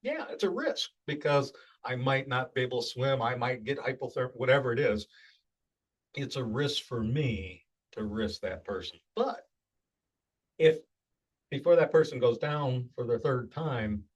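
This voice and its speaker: Middle-aged male sales coach, breathy husky voice, plain talk with many restarts. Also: mid-range voice, animated, measured pace, low-quality recording. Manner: conversational and plainspoken, with frequent restarts. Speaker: sales trainer. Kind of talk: recorded training talk.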